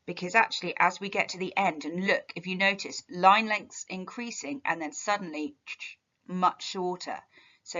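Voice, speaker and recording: A woman's voice: on the low side, normal speed, pushed and bright, muffled recording. A woman teacher walking through a poem line by line, chatty and explanatory, with fillers and restarts. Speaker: English literature teacher. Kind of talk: poetry analysis lesson.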